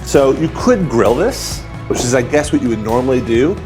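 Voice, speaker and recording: A man's voice: mid-range voice, expressive, moderate pace, over music. A man hosting a cooking show, chatting casually and upbeat while he cooks.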